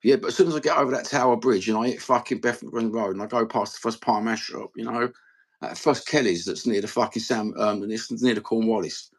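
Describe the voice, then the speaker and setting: A man's voice: on the low side, a little fast, breathy edge. A middle-aged man with an East London accent, hosting a rambling live stream, talking in sweary, blokey banter.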